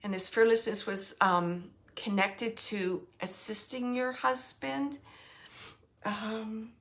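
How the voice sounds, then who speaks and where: Bright-voiced woman giving a tender reading. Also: a little high, fairly even intonation. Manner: halting, searching for words, soft and tender. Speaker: psychic medium. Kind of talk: spontaneous spirit reading.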